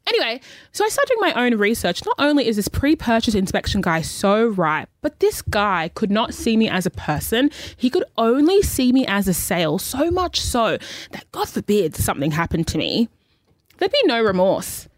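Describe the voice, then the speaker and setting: Brief: young woman, radio co-host, animated storyteller, close dry studio mic. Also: fairly high pitch, normal speed, no room sound. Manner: animated storyteller, acts out quoted voices. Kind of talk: casual chat, storytelling.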